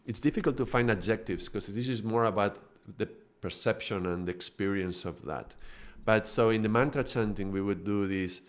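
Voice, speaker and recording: A man giving a live-streamed spiritual teaching talk, thoughtful and searching for his words, with a light laugh at himself. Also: lowish voice. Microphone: microphone.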